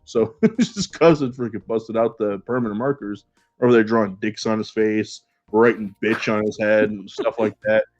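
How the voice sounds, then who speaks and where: A man's voice: fairly low pitch, moderate pace, faint music behind. Young man, rambling and profane, casual storytelling, dull lo-fi audio. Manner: rambling, profane, laughs between lines. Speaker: podcast co-host. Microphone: remote stream call.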